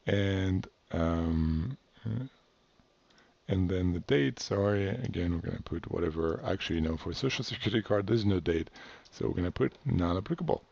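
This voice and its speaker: A man from France talks through a tutorial in an offhand way, full of fillers and quick self-corrections. His voice sits very low, with a gravelly, husky edge. The recording is dull and lo-fi. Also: darkish tone, no room sound. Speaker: instructor. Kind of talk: casual screen-share tutorial.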